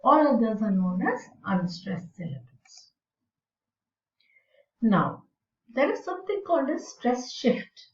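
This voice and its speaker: Slow, deliberate woman teaching from afar. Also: a little high, big pitch swings, darkish tone. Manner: slow, deliberate explanation with fillers. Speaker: English teacher. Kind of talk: recorded lecture. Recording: roomy and distant, dull sound.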